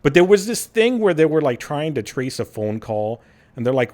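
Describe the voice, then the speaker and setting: A man's voice: a little high, sing-song, moderate pace, darkish tone. A man hosting a gaming podcast in casual chat. He laughs often and acts out quotes in silly voices. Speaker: podcast host.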